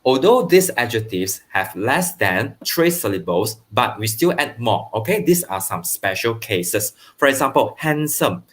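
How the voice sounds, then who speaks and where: A man teaching primary school grammar online, explaining slowly and checking understanding with "okay", with brief bits of Mandarin. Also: mid-range voice, very animated. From Malaysia. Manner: switches into Mandarin for translations.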